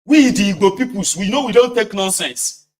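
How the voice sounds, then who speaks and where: A Nigerian man voicing a hot-headed young male online agitator who shouts violent threats. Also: high-pitched, animated, moderate pace, pitched above the performer's own voice. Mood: belligerent. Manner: shouting, fired-up.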